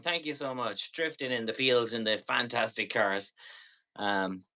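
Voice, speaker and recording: A man's voice: medium pitch, unhurried, sharp tone. A man hosting a live selling stream, chatty and playful as he rambles through each item. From Ireland.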